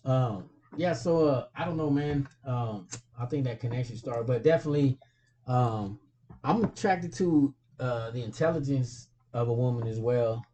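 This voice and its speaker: A man's voice: medium pitch, normal speed, dark tone, a little hiss or hum. A man from California cohosting a casual chat, joking around in loose slang and laughing often. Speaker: podcast co-host.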